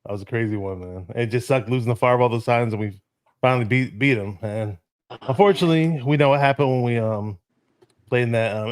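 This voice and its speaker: Relaxed man reminiscing, dry sound. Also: fairly low pitch, no echo. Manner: relaxed, reminiscing, many filler pauses. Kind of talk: casual sports chat.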